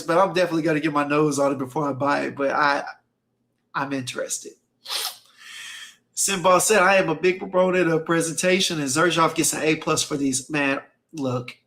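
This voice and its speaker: A man's voice: on the high side, fairly bright tone. A man hosting a casual fragrance livestream, reading viewer comments aloud in a laid-back, slangy way and repeating his phrases. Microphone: streaming mic.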